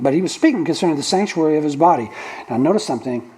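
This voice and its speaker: A male pastor preaches in a fairly high voice for a man, teaching verse by verse. He stops often to explain old word meanings and restarts his sentences mid-thought. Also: lively intonation, rapid-fire, a little mellow, low-quality recording. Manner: explanatory teaching, breaks down original-language words with restarts. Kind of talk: sermon. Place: church sanctuary.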